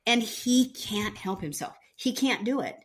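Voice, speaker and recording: A woman's voice: fairly high pitch, expressive, measured pace. A middle-aged woman co-hosting a podcast, telling a story and acting out the dialogue. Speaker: podcast co-host. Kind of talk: casual chat, storytelling.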